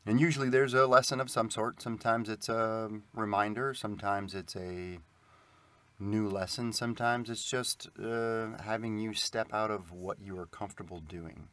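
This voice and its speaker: A man co-hosting a faith podcast, speaking in a calm, reflective way. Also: on the low side, normal speed. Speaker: podcast co-host.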